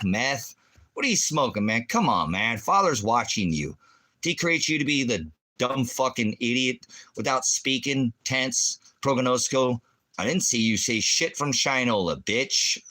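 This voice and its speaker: A middle-aged man and veteran hosting a ministry livestream, ranting angrily and cursing at commenters in a combative way. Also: mid-range voice. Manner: profane, combative, shouting insults at chat. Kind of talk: angry livestream rant.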